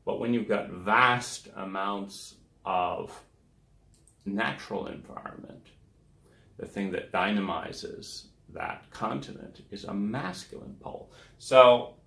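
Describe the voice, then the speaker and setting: Gravelly low-voiced man lecturing. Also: slow pace, fairly bright tone, echoey room. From United States. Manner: rambling, filler-heavy, trails off with "da, da, da". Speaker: speaker on relationships.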